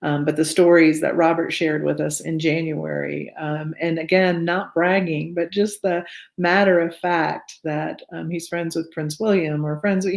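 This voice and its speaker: A woman's voice: fairly low pitch, steady tone, measured pace, vocal fry, a little mellow. A woman hosting a virtual book club on a video call, chatty and now and then tongue-tied. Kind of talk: casual video-call chat.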